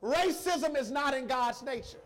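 In a very high-pitched, fairly bright voice, a man delivers an emotional sermon. His style is emphatic and repetitive with slow emphasis, and he repeatedly calls out to the people in the pews.

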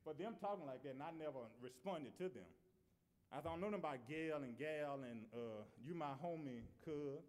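A man's voice: on the high side, animated, normal speed. A man preaching a sermon in a conversational way, repeating and restarting phrases.

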